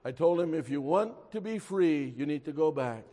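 High-voiced man preaching a sermon in a reverberant hall. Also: animated, normal speed. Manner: storytelling, rising to emphatic exhortation, drops to a hush.

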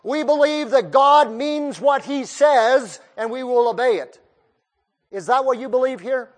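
A man's voice: extremely high pitch, measured pace. A male preacher delivering a sermon, putting pointed questions straight to his listeners. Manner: questions the listeners directly, emphatic.

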